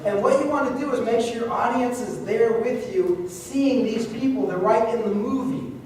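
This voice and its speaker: Lively male speaking coach with a high voice, working a live room, heard from a distance in an echoey hall. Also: moderate pace. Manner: lively, conversational, joking with the audience. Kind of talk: live seminar teaching to a room. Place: large hall with a live audience.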